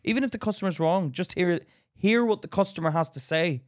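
A man's voice: sits high, brisk. A man, co-hosting a podcast, telling a story in casual chat and acting out the other people's voices. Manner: animated, acts out voices in anecdotes. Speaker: podcast co-host.

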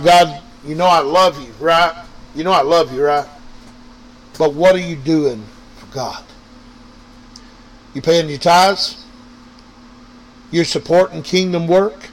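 A man's voice: on the high side, low-quality recording. A man preaching an informal sermon, repeating his points and talking straight to his listeners. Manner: preachy, repetitive, addresses listeners directly. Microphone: online radio or podcast mic.

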